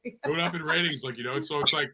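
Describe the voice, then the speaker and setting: A man's voice: a little high, fast. A man hosting a podcast, joking and rambling in casual chat, swearing freely. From Midwest US. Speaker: podcast host. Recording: noisy podcast recording.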